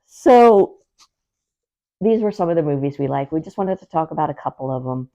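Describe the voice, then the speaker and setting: A woman co-hosting a casual podcast chat, quick to laugh and chime in agreement. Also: deep voice, animated, dark tone. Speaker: podcast co-host. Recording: dull lo-fi sound.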